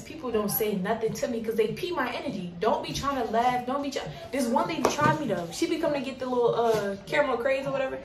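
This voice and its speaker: A young woman working at a coffee shop tells a storytime in a blunt, animated and profane way. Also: on the high side. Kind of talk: casual storytime. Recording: roomy, distant from mic, faint noise.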